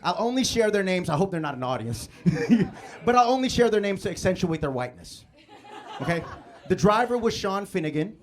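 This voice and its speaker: Animated young male stand-up comic. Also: sits high, fairly quick. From Chicago, US. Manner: animated storytelling with stammered restarts. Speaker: stand-up comedian. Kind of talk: live stand-up comedy set. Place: comedy club stage.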